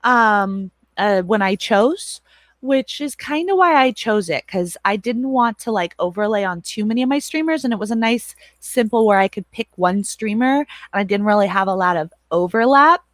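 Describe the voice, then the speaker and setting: A woman's voice: mid-range voice, lively intonation, moderate pace, no echo. A woman in her thirties hosting a livestream, chatting casually with viewers, rambling and laughing often, with some swearing. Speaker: livestream host and moderator.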